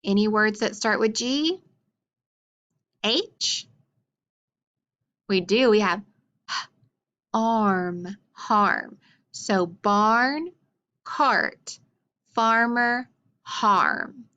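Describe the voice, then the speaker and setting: A woman's voice: fairly high pitch, expressive, pushed and bright, highs cut off. A woman teaching a phonics lesson, carefully sounding out letters and words and praising often. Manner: slow, clearly enunciated letter sounds with frequent praise. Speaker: reading teacher.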